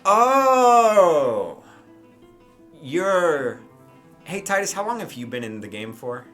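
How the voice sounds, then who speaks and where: Picture a gentlemanly older satyr who hunts pirates, as a man voices him at the table. His manners are polished, but he is blunt and a little sarcastic, and his voice has a bright, forceful ring. He pauses and hedges on a small bed of soft music. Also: mid-range voice, very animated. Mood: surprised. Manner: polite, dryly sarcastic, hesitant with fillers.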